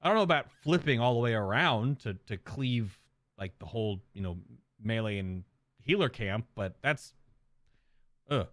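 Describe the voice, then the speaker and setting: A man's voice: on the low side, expressive, normal speed, a bit bright, no echo. A man streamer giving casual, rambling reaction commentary in an amused way.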